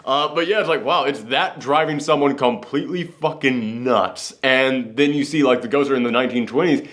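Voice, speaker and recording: A young man co-hosting a casual film review, talking fast and loose and slipping into mocking voices of characters. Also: medium pitch. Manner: animated, jumps into mocking impressions. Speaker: podcast co-host. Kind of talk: casual movie review chat.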